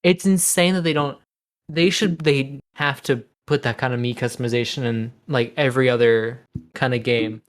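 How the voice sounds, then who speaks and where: A man's voice: medium pitch, steady tone, moderate pace. A man co-hosting a casual gaming podcast, laughing often and trailing off mid-sentence. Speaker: podcast co-host.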